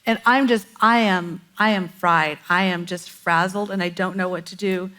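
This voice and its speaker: A middle-aged woman telling a lively, laughing family story in a church message. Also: on the low side, normal speed. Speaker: pastor's wife sharing a story. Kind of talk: sermon storytelling. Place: church stage.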